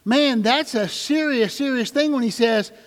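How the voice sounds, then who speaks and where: High-voiced emphatic male pastor preaching. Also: big-room sound. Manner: emphatic, slows right down on key phrases, asks the congregation questions. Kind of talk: sermon. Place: church sanctuary with congregation.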